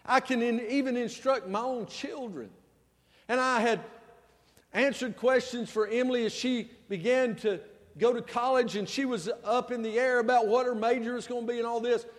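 A male pastor preaching a sermon in a high-pitched voice. He swings from loud outbursts down to hushed, quiet lines, and a long reverb from the hall trails each phrase. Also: fairly even intonation, normal speed.

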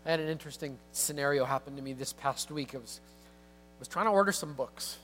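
A man preaching a sermon as pastor, telling a story in an animated way that swings from hushed to excited. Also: medium pitch, quick pace, faint music behind.

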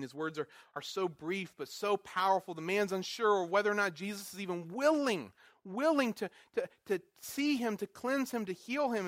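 High-voiced earnest male preacher. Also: fairly bright tone, no echo, clean studio sound. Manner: earnest preaching, repeats words for emphasis, builds to bursts. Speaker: pastor. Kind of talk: sermon.

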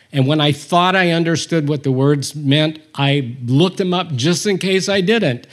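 A man teaching a Bible study, reading scripture aloud and commenting on it with humor. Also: a little high.

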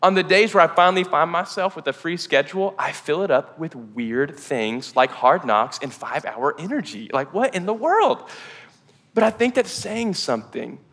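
A man preaching a sermon in a church hall, casual and energetic, with lots of "like" fillers. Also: a little high, moderate pace. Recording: long hall reverb.

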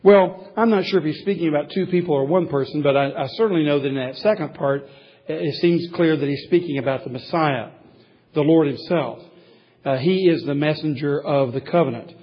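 A pastor preaching a sermon in a slightly raised, husky male voice. He reads scripture aloud, then unpacks it with lively stories from his own childhood. The recording sounds dull and lo-fi. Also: a little high, a little fast.

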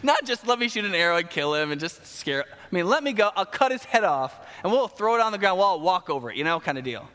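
A man preaching a sermon, retelling a Bible story in a casual, animated way with slang asides. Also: high voice, fast, few pauses. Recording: long hall reverb.

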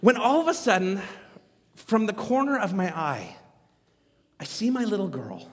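High-voiced man preaching in a reverberant hall. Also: moderate pace. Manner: animated, self-mocking humor. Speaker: pastor. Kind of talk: storytelling sermon. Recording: long reverb from a large hall.

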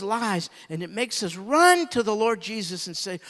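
A man's voice: sits high, animated, normal speed, hardly any pauses, a bit bright. A middle-aged man preaching a sermon, telling a personal story and rising to emphatic pleas. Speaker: pastor. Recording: long hall reverb.

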